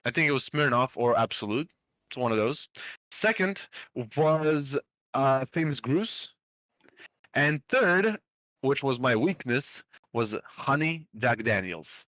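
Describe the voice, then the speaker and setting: A man's voice: medium pitch, lively intonation, slow, fairly bright tone, dry recording. Rambling young man telling a story. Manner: rambling, many fillers and restarts, swears casually. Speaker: podcast guest telling a story. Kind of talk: casual storytelling among friends.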